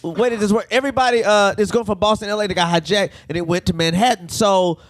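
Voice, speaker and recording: A man's voice: sits high, fast talker, no room sound, clean studio sound. A man co-hosting a podcast, riffing through casual comedic banter with profane, rambling jokes. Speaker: podcast co-host.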